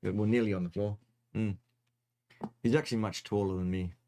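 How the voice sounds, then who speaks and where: A man's voice: lowish voice, steady tone, a little fast, mellow, a little hiss or hum. A man hosting a casual question-and-answer stream, teasing and dry-humoured while answering questions. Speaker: host answering viewer questions. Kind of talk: casual livestream chat.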